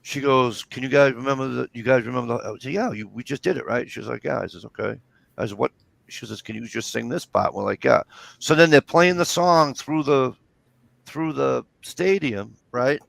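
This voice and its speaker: A man's voice: medium pitch, normal speed, creaky, fairly bright tone, no room sound. A man, telling rambling, swear-filled stories in casual chat. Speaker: storyteller.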